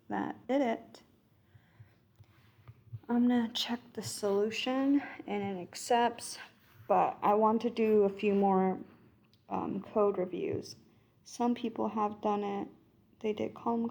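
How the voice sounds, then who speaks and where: Woman talking thru sql practice slowly, bit of fry, mumbles to herself while typing. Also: fairly high pitch, mellow. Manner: thinking aloud, self-correcting, murmurs code under her breath. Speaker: coding tutor. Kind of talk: screen-recorded coding walkthrough.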